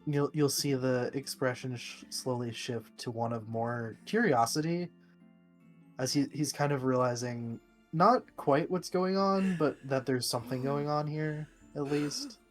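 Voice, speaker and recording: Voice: mid-range voice, a little slow, faint music behind. Hesitant game master describing a scene. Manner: hesitant, many fillers, describes scenes to the players. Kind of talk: narrating a tabletop game.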